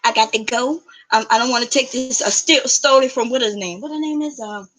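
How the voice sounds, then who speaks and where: High bright-voiced woman chatting live. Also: brisk, low-quality recording. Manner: chatty, blunt, swears casually, talks straight to viewers. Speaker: live show host. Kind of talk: casual live-stream chat.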